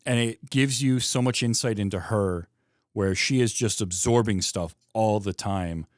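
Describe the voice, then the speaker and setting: A man with a Michigan Midwest accent hosting a podcast, chatting about a film with quick, enthusiastic asides. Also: lowish voice, dry recording, clean studio sound. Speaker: podcast host. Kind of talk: casual film discussion.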